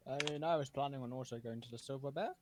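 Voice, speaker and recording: A man's voice: mid-range voice, quick pace, a little mellow. A man playing in an online tabletop game, making dry, wry remarks in casual chat. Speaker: player.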